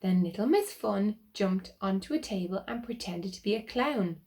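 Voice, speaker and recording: Animated woman reading to children. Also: mid-range voice, moderate pace. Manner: animated, asks the children questions. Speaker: children's storyteller. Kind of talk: reading a picture book aloud to children.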